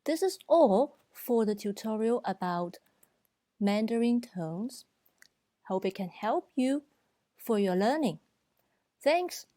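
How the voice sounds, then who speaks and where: A woman teaching Mandarin tones, speaking deliberately and clearly as she demonstrates each pitch. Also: animated, mellow, dry recording, clean studio sound. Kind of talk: slow, careful tutorial narration.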